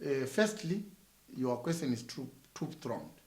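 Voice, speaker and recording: A man's voice: mid-range voice, sing-song, unhurried, darkish tone, echoey room. A man with a Zimbabwean accent, a church minister answering interview questions in an emphatic, sermon-like way, repeating phrases with rising force.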